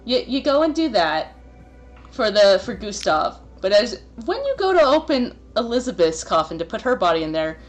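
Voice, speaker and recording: A woman's voice: medium pitch, sing-song, normal speed, faint music behind. Young woman game master, chatty, laughs a lot, voice bouncing all over the place. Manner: laughs often, chatty and hesitant. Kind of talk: narrating a tabletop game.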